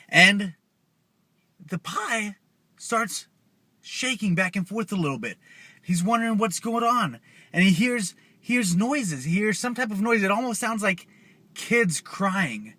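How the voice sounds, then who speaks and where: A man's voice: high voice, lively intonation, measured pace, pushed and bright, dry recording. A young man telling a scary story casually to his viewers, loose and chatty with slang asides. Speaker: YouTuber.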